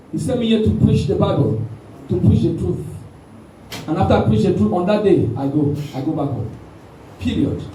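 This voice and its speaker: A man preaching a sermon with animated call-and-response, recorded in a church hall with the mic at a distance. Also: sits high, a little hiss or hum. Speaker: pastor. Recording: echoey room, mic at a distance.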